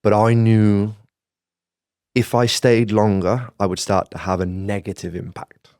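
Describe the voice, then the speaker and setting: A man's voice: lowish voice, little pitch movement, a little slow, a little mellow, clear, resonant tone, dry recording. Worcester-accented man, dry close sound. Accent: Worcester English. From Worcester, England. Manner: tag questions, plain-spoken reflective advice. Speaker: guest entrepreneur. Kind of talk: casual podcast conversation.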